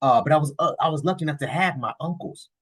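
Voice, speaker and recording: A man's voice: fairly high pitch, fast talker, fairly bright tone, husky. A man giving casual reaction commentary on a clip, blunt and cursing, rambling with restarts.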